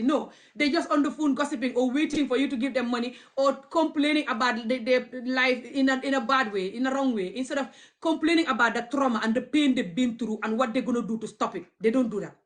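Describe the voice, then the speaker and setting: A woman's voice: high voice, fast. A woman vlogger, not a native English speaker, ranting bluntly to camera and repeating her points over and over. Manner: blunt, repetitive, stubborn. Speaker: activist vlogger. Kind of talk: impassioned rant to camera.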